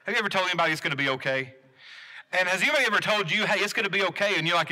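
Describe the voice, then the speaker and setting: High, bright-voiced man preaching casually. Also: rapid-fire. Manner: casual, asks the congregation questions, many restarts. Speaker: pastor. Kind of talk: conversational sermon.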